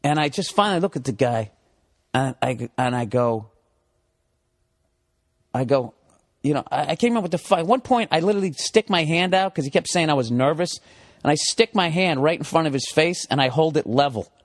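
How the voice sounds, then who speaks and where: A man's voice: fairly high pitch, expressive, a little fast. A man hosting his podcast, telling a story in a casual, comedic way. He swears a lot, sounds exasperated, and acts out both sides of an argument. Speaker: podcast host.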